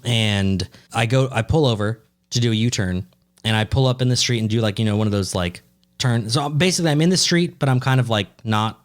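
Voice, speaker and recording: A man's voice: fairly low pitch, brisk. Profane ranting man telling stories. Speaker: podcast co-host. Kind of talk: casual chat.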